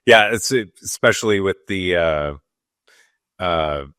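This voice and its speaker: Deep-voiced man agreeing casually. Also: takes it slowly, smooth, dry recording, studio quality. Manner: relaxed, short agreeing replies and laughs. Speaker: podcast co-host. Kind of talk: casual chat.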